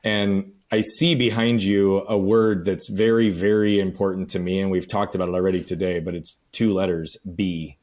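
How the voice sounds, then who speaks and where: A male podcast host with a very low voice. He asks his questions calmly and reflectively, and affirms his guest as he goes. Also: moderate pace, few pauses. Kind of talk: interview questions.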